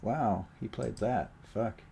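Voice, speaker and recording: A man runs a tabletop session in a casual, joking way. His voice is gravelly and a bit husky. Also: lowish voice, slow pace. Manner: relaxed, joking, many fillers. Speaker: game master. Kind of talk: running a tabletop game, casual chat.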